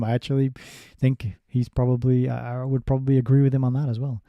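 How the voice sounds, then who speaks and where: A man's voice: medium pitch, steady tone, quick pace, hardly any pauses, mellow, dry recording, studio quality. A man giving a casual spoken book review. He reads passages aloud, breaks off into sardonic asides and often restarts his sentences.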